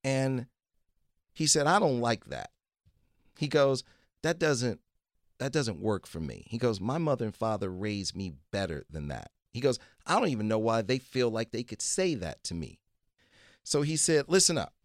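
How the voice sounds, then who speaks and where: A man's voice: mid-range voice, big pitch swings, moderate pace, no echo, clean studio sound. A man telling a long story as a guest, acting out other people's lines in his own voice and repeating "he goes". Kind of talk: casual storytelling.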